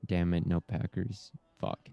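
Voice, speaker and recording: Low-voiced young man reacting bluntly. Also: level tone, a little slow, vocal fry, lo-fi sound, faint music behind. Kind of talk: casual online chat among friends.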